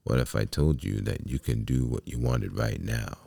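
Storybook coachman, a man voicing him: sly, coaxing, very deep and gravelly. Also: sing-song, moderate pace, warm tone, no echo, full character voice. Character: sly male coachman luring a boy.

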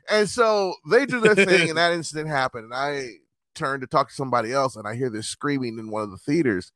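A man telling stories in a casual chat, animated and profane, often laughing. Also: a little high, fast, no echo, studio quality.

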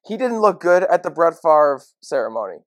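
A man's voice: a little high, big pitch swings, moderate pace, no room sound. A man co-hosting a casual sports podcast, telling stories with frequent laughs and filler words. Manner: laughing storyteller, many fillers. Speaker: podcast co-host.

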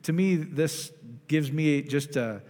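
A man's voice: a little high, takes it slowly, a little mellow. A man preaching a casual, conversational sermon, often asking the congregation questions and restarting his sentences. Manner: chatty, asks the congregation questions, many restarts. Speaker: pastor. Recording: long hall reverb.

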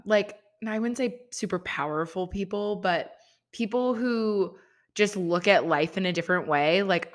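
A young woman hosts her own podcast in a casual solo chat, rambling along with plenty of "like" fillers. Her voice is medium-pitched with a sharp tone.

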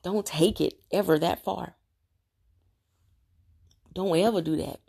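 A woman's voice: fairly low pitch, slow, creaky, warm tone, husky. Earnest woman giving a confessional devotional talk. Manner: earnest, preachy, direct address to viewers. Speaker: Christian vlogger sharing her faith journey.

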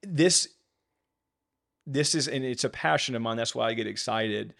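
A man's voice: medium pitch, normal speed, gravelly, fairly bright tone. A man co-hosting a faith podcast, talking with fervent, rising emphasis. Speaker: podcast co-host.

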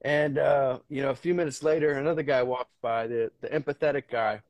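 A man's voice: medium pitch, steady tone, a little fast, darkish tone, no room sound. Frank, rambling man in dry sound. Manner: frank, swears casually, rambling with restarts; storytelling, earnest. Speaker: podcast guest. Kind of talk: candid conversation.

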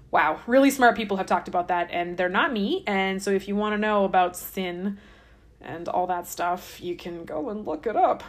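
A woman hosting a podcast, retelling scripture in a chatty, irreverent way with wry asides. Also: mid-range voice. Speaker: podcast host. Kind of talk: casual comic scripture retelling.

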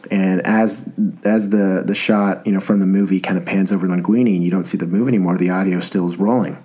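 A man's voice: sits low, steady tone, quick pace, dark tone, slightly rough. A man in his thirties hosting a podcast, rambling in an enthusiastic, self-deprecating way. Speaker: podcast host. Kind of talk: casual podcast monologue.

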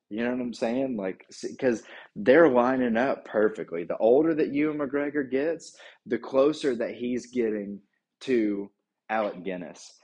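Man, 30s, husky low voice, loose rambling solo chat, swears freely. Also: a little mellow. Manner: rambling, laid-back, swears and says "dude" often.

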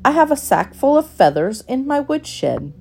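A woman voicing a smooth, courteous male fox gentleman in a storybook reading, higher than her own voice. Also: very animated, a little slow, slight background noise, full character voice. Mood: suave. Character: polite sly male fox gentleman, bushy-tailed.

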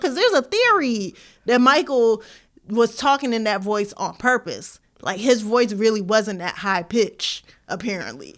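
A woman co-hosting a podcast, casually retelling a documentary in a rambling, animated way full of slang. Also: on the high side, moderate pace. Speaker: podcast co-host. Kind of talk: casual chat.

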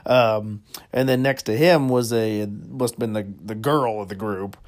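A man's voice: on the low side, measured pace. A man hosting a comedy podcast, telling rambling stories with frequent chuckles. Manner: rambling, chuckles often, lots of fillers. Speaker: podcast host. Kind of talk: comedic storytelling monologue.

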